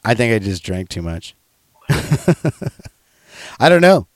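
Man, lower register, close dry mic, loose profane storyteller. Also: takes it slowly, no echo. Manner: profane, rambling, animated storyteller. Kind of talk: casual storytelling chat.

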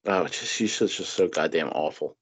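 A man in casual political chat, mocking and profane, with animated impressions. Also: low-pitched, a little fast, breathy edge. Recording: dull lo-fi sound.

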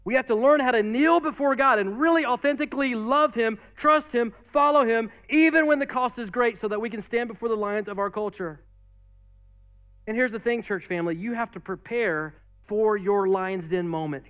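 High-voiced animated preacher man. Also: normal speed, clear, resonant tone. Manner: animated preaching with casual asides and acted-out quotes. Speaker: pastor. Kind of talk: sermon.

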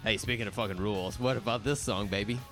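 A man's voice: fairly low pitch, fast talker. Man, sarcastic co-host, casual profane banter, faint guitar music underneath. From Oklahoma. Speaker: podcast co-host. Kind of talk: casual chat.

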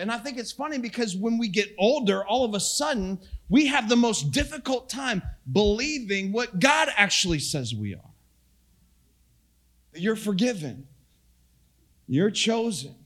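A middle-aged male pastor giving a conversational sermon, casual and self-deprecating, swinging between hushed and loud delivery. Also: high-pitched, animated, normal speed.

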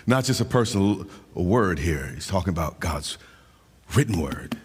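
Male preacher, husky, fervent, swings from sung cadences to shouts; long hall reverb, lively high-ish delivery. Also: moderate pace. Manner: impassioned, shifts between shouting and sing-song preaching cadence. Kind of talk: sermon.

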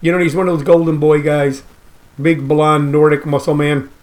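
Man, high pitch, rambling comedic radio host, riffs and repeats himself. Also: level tone, normal speed. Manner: loose, riffing, repeats phrases, frequent uh fillers.

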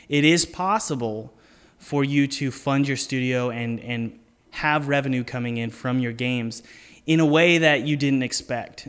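A man hosting a relaxed podcast conversation, talking earnestly and leaning on key words as he gives advice. His voice sits at an ordinary middle pitch, and a long hall-like reverb trails after each phrase. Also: clear, resonant tone. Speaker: podcast host and indie game developer. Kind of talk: casual interview chat.

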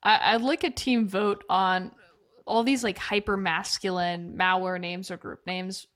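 Podcast host, woman, mid-pitched everyday voice, light and joking. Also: fairly even intonation, measured pace, a bit bright. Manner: playful, laughs easily. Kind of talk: casual podcast chat.

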